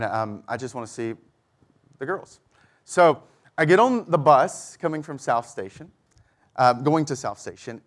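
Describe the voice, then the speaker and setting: A middle-aged man preaching a sermon, telling a personal story and acting out both sides of each conversation. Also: mid-range voice. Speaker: pastor.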